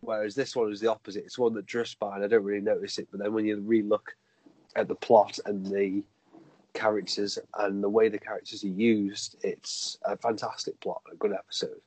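This man co-hosts a podcast in a casual chat. His voice sits a little low and sounds husky, recorded dry and close. He talks hesitantly, with many fillers and restarts. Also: flat delivery, brisk, a little mellow, no room sound, rough recording. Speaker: podcast co-host.

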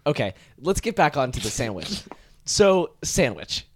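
A man's voice: medium pitch, very animated, unhurried, slight background noise. A young man on a voice call, joking crudely and swearing often. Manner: jokey, crude, swears a lot. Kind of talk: casual chat.

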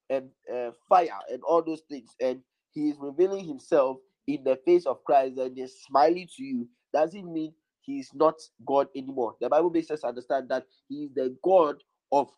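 A man's voice: a little high, dark tone, no echo, low-quality recording. A man preaching a sermon, stressing his points by repeating lines over and over.

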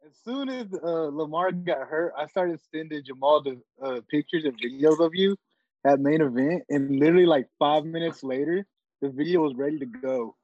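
A man's voice: a little high, moderate pace, dry recording. A man co-hosting a podcast in casual banter, clowning around with jumpy interjections. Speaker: podcast co-host. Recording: dull lo-fi sound.

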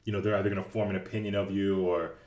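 A man's voice: sits low, very fast, echoey room. A man co-hosting a casual chat about a film, telling stories and acting out quotes. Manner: animated storyteller, acts out quotes. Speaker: podcast co-host.

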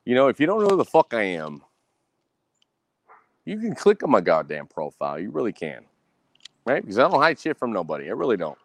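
A man with a gravelly voice, huge pitch swings, and long pauses rants on his solo podcast at a moderate pace, with no echo. Cursing nonstop, he boasts, rages, repeats himself, and mimics others in a high voice.

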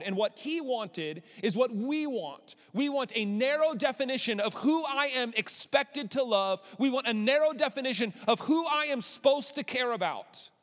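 Man in his thirties, pastor, sermon, high-pitched, long hall echo. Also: fairly bright tone. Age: 30s. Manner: conversational, candid preaching with rising emphasis.

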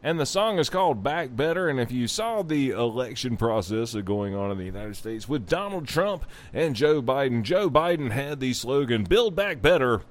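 A podcast host reads a news story and riffs on it, making profane jokes and laughing often in this comic news commentary. His medium-pitched voice is animated and moderately paced, with hardly any pauses.

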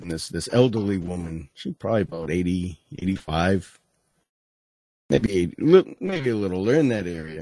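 A man's voice: low-pitched, breathy edge, dry recording, low-quality recording. A man, hosting a podcast and telling a rambling comic story, chuckling often and restarting his sentences. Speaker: podcast host. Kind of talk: casual comedic storytelling.

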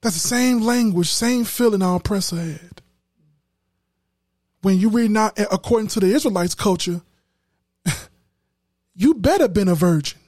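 Man, podcast host, emphatic preacherly commentary, lively high voice, dry sound. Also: moderate pace, long pauses, no echo. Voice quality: emphatic, preacherly, repeats words. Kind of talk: casual commentary.

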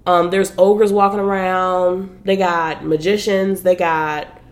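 Woman podcast host, slightly low voice, loose and chatty, slangy casual delivery. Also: level tone, slow. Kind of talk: casual chat about books.

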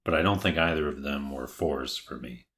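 Deep-voiced man, measured and thoughtful. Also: a bit bright. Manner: measured, thoughtful, weighs his words. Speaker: podcast co-host. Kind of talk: casual chat.

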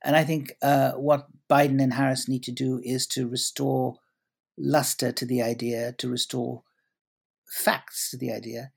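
A man's voice: medium pitch, little pitch movement, a little slow, gravelly, breathy edge. A man answering interview questions at length, articulate and elaborate, often restarting his sentences. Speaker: guest commentator.

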